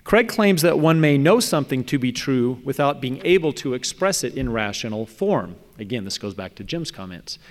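A man reading a prepared academic paper aloud in a measured way, now and then stumbling and restarting. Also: medium pitch, sing-song. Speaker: speaker presenting a paper on religious apologetics. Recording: echoey hall with long reverb.

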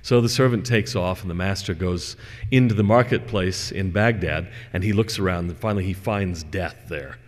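Lecturing man in an echoing hall. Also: deep voice. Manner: measured, conversational with fillers and asides. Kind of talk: religious lecture with scripture reading.

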